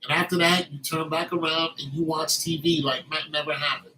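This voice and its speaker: High, bright-voiced man ranting. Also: steady tone, brisk, slight background noise, low-quality recording. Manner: emphatic, repeats points, flares into shouting. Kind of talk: casual monologue.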